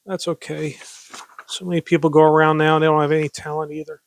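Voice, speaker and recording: A man's voice: on the high side, flat delivery, fast. A man casually reading public domain poems aloud, breaking off into rambling, self-mocking asides and stifled giggles. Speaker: amateur poetry reader.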